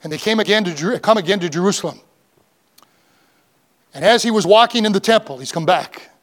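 Guy preaching a sermon, really high voice, fervent, reads old scripture lines. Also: fairly bright tone. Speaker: pastor.

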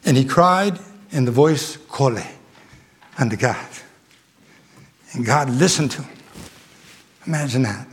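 A middle-aged man preaching a sermon, halting with restarts and fillers, then swelling with fervent emphasis. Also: mid-range voice, animated, breathy edge.

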